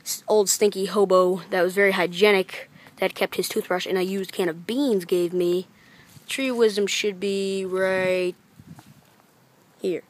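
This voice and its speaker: A woman's voice: mid-range voice, steady tone, measured pace. A woman narrating and hosting a goofy homemade comedy skit in a rambling, stammering, silly way. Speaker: amateur filmmaker narrating his own skit.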